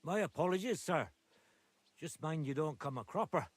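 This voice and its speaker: A man's voice: fairly high pitch, expressive, normal speed, dry recording. An actor with a Geordie accent playing a talkative, superstitious male miner in a video game. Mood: chatty. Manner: rambling, folksy dialect talk.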